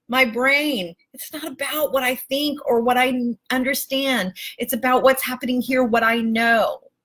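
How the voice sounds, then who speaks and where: A woman life coach speaking live to her viewers, emphatic and affectionate, calling them baby and my love and swearing casually. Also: high voice. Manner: warm, emphatic, calls listeners baby and my love. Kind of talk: live-stream coaching talk.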